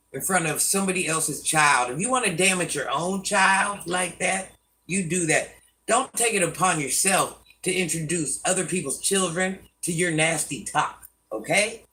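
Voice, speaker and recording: A woman's voice: lowish voice, pushed and bright, recorded from a distance, rough recording. An older woman hosting a live stream, scolding commenters by name and chatting with viewers. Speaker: livestream host.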